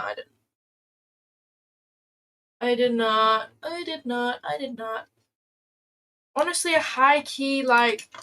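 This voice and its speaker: Her voice on the high side and sharp in tone, a young British livestreaming day trader chats casually while she trades. She's talkative and self-deprecating, often repeats herself, and breaks into playful singing.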